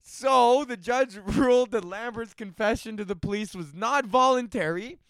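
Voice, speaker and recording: A man's voice: very high-pitched, moderate pace, fairly bright tone, clear, resonant tone, no room sound. A man hosting his own comedy podcast, ranting alone in a loose, profane way and often laughing at his own jokes. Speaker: podcast host. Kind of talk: solo comedic rant.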